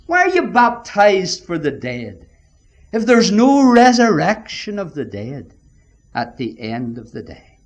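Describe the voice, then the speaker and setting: A man preaching a sermon, emphatic and deliberate, often addressing his listeners as friends. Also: high-pitched, wildly swooping pitch.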